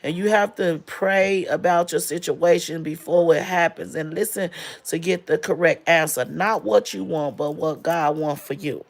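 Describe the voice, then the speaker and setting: A woman's voice: lowish voice, moderate pace. A woman in her forties telling a personal story in a casual, emotional way, with many fillers, close to tears. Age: 40s.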